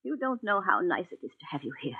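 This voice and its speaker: A woman's voice: lowish voice, very animated, fast, slightly rough, heavily acted. An actress in a 1940s radio play voicing a frail, elderly invalid woman in a wheelchair, with a quavering, fretful manner. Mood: fond. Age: older. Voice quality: quavering, fretful, easily startled. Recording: tinny 1940s radio broadcast.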